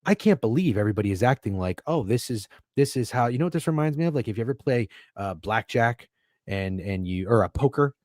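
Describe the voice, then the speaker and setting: A man's voice: medium pitch, animated, quick pace, a little mellow, no echo, clean studio sound. A man co-hosting a sports betting podcast in a casual, rambling way, swearing and getting worked up when he defends his takes. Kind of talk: casual chat.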